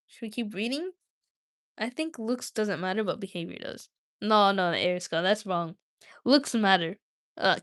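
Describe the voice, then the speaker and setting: A young woman hosting a livestream, chatting casually with viewers in a rambling, self-interrupting way. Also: mid-range voice. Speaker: livestream host.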